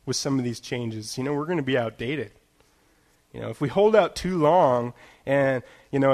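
Man, sermon, conversational preacher, slightly high voice, filler-heavy, emphatic slowed phrases. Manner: conversational, many "you know" fillers, laughs at himself. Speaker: pastor.

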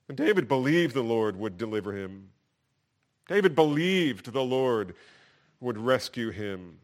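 A man's voice: mid-range voice, big pitch swings, a little slow. A male pastor gives a morning sermon. He reads verses aloud with building fervor and drops into a plain, conversational tone to explain them.

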